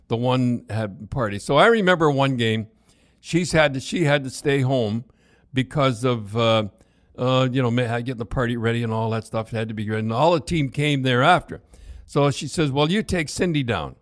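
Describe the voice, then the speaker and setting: A man's voice: mid-range voice, dry recording, clean studio sound. An older man, a former hockey player, reminisces casually in a rambling way full of false starts.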